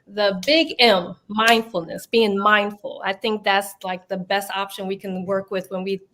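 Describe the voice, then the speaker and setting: A woman's voice: medium pitch, steady tone, measured pace, a bit bright, a little hiss or hum. A woman therapist on a panel, explaining in an earnest, thinking-aloud way. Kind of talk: panel discussion.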